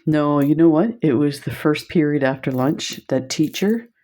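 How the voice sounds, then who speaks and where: A woman's voice: sits low, moderate pace, warm tone, a little hiss or hum. A woman presenting beads on camera in a casual chat, telling stories and laughing often. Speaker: bead shop video presenter.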